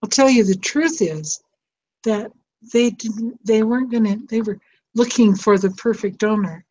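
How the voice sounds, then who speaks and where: A woman's voice: fairly high pitch, unhurried, dark tone. An older woman, a psychotherapist hosting a show, talking in an emotional, tender, rambling way. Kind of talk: casual heartfelt chat. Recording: dull lo-fi sound with faint noise.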